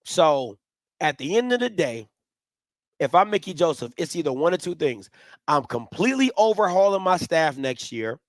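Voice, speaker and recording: A young man hosting a show, delivering blunt, opinionated sports commentary in an animated rant. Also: on the high side, no room sound, clean studio sound.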